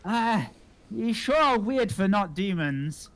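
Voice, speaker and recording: A man voicing an erratic, suspicious female dungeon dweller who talks quickly. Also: high voice, expressive, fairly bright tone, slight background noise, pitched above the performer's own voice, heavily acted.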